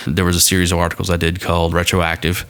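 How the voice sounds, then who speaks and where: A man's voice: deep voice, monotone, fast talker, a bit bright, a little hiss or hum. A man co-hosting a casual podcast chat, rambling with lots of fillers and restarts. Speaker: podcast co-host. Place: home studio with his dog nearby.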